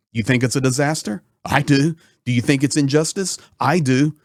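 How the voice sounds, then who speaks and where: Male host, emphatic political commentary monologue, medium pitch, dry close-miked sound. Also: a little mellow, dry recording. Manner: indignant, emphatic, repeats words for effect.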